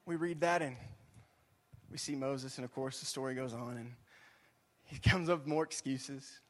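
A young man giving a casual, animated sermon as a youth pastor, chatty and often saying "y'all" and "right?". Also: medium pitch, normal speed. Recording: long hall reverb.

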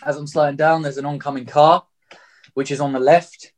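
A man's voice: on the high side, little pitch movement, a little fast. Young man telling a story casually. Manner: loose and blunt, swears, leans on "like".

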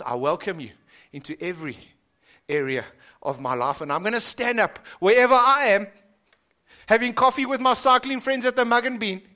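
A man preaching a sermon in a church hall, passionate and building up, then falling to hushed, slow emphasis. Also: high-pitched. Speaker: pastor.

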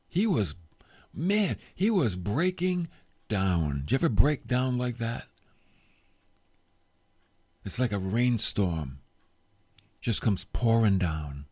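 A male preacher tells a story in an unhurried, deliberate sermon. His pitch rises and falls a great deal as he dramatizes each moment. The sound is close and dry, with no room around it. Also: breathy edge, no echo. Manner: storytelling, expressive, drops to soft emotional tones. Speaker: pastor.

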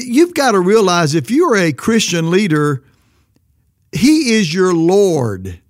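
A man's voice: high-pitched, no echo, clean studio sound. A man preaching a sermon as pastor, earnest and emphatic, his voice leaping up on quoted questions.

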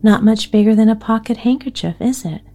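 A woman's voice: on the high side, fairly quick, mellow, faint music behind. A woman reading aloud, giving the lines of a cheerful, teasing young man. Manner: playful, cheery.

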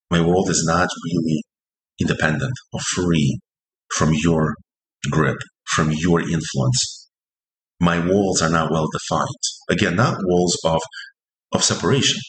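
A man's voice: deep voice, echoey room, rough recording. A man hosting a podcast who explains couple dialogues in an earnest, instructive way and acts out example lines. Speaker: couples therapist and podcast host. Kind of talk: podcast monologue teaching.

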